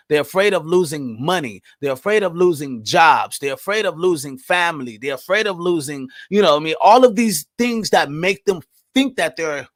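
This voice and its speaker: A man in his thirties hosting a podcast alone, answering live chat in blunt, profane talk that jumps loud and high when he gets riled. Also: no echo. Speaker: podcast host. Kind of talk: casual solo commentary reading live chat.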